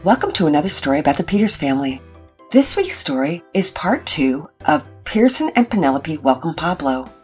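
A woman's voice: low voice, very animated, brisk, a little mellow, husky, faint music behind. A woman hosting and narrating a children's family story, reading it aloud. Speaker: storyteller and host.

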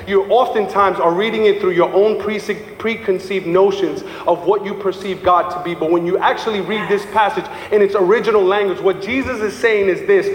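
Male pastor, high voice, preaching with fervor; recorded in a reverberant church hall. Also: normal speed, hardly any pauses, a little hiss or hum. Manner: passionate preaching, acts out voices of people he quotes. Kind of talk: sermon. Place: church sanctuary. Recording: echoey hall with faint ambience.

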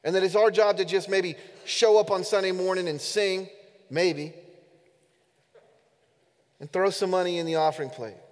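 High-voiced pastor preaching in an echoey church. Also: male voice. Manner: earnest, emphatic preaching, addressing the congregation directly. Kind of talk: sermon. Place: church sanctuary during a service. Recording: echoey hall with long reverb.

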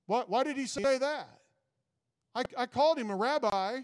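A preacher acting out a proud, offended male religious ruler who piles up exasperated questions about his own standing. The voice is high and smooth, and it rings out with a long hall reverb. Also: moderate pace. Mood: indignant. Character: proud, indignant male Pharisee leader.

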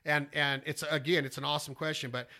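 A man, teaching duck calling in a rambling, folksy way, breaking into loud duck calls. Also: fairly high pitch, flat delivery, quick pace. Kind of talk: casual instructional talk.

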